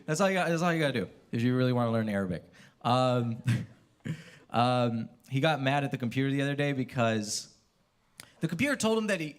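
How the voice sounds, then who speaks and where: A young man from California doing a stand-up comedy set on a university theater stage, telling loose, profane stories and breaking into shouted impressions. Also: medium pitch.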